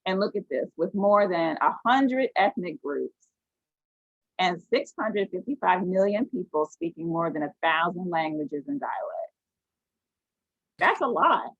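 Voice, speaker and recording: A woman's voice: fairly low pitch, expressive, unhurried, no echo. An American woman teaching an online class, asking her students questions and telling stories with animation. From United States. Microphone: video call. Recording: tinny phone-like video call audio.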